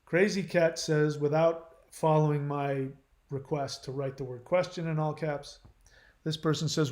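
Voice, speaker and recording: A man's voice: a little high, fairly even intonation, measured pace, roomy sound. A man hosting his channel, reading viewer comments aloud and answering them in a blunt, lecturing way.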